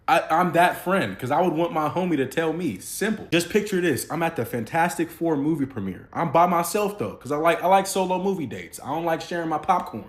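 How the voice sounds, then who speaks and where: A young man telling a comedic story in casual slang, acting out the people in it with animated voices. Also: fairly high pitch. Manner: animated, acts out quotes in voices.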